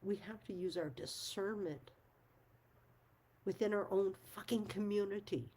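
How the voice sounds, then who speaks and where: Frank woman with a dark husky voice. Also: mid-range voice, measured pace. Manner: frank, emphatic, swears, laughs often. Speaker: channel host. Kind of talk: casual talk to camera.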